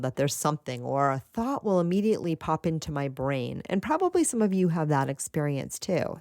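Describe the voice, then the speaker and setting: A woman hosting a spiritual podcast, talking casually with lively asides and frequent laughs. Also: low voice, dry recording, clean studio sound. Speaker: podcast host.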